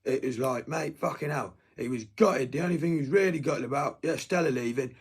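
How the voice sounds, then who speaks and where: A man delivering a threatening, profane rant, dropping to hushed whispers and then bursting out loudly. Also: medium pitch, husky. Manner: swings from hushed whispers to loud outbursts, heavy swearing.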